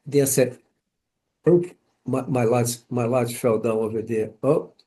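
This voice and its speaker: A man hosting a casual conversation, talking haltingly with many repeated words and restarts. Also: mid-range voice, mellow. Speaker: podcast host and healing practitioner. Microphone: home camera setup.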